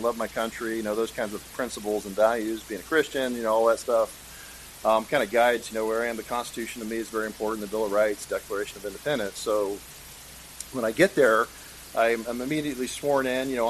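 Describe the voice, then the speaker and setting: A middle-aged man telling a story in a casual interview, animated and acting out the voices of people he quotes. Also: medium pitch, a little hiss or hum, poor audio. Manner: animated, acts out quoted voices, chuckles often. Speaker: guest, state senator.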